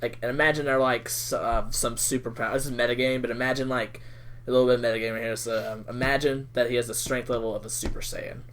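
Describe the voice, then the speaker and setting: A mid-pitched man running a tabletop game, rambling through explanations with halting restarts and frequent laughter. A faint hiss of noise sits under his voice. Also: level tone, fairly bright tone. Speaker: game master.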